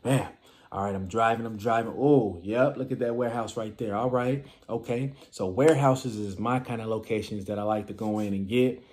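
A man from California with a casual, animated vlogging manner, giving business advice and acting out little scenes. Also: lowish voice, moderate pace. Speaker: vending machine business vlogger.

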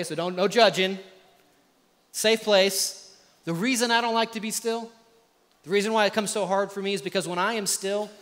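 A man preaching a sermon as a pastor, earnest, moving between hushed and emphatic delivery. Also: sits high, big-room sound. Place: church sanctuary.

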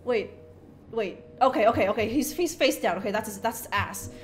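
A woman's voice: on the high side, expressive, fairly quick, faint music behind. A young woman giving casual, profane, jokey commentary while playing a horror game, reading in-game notes aloud with sarcastic asides.

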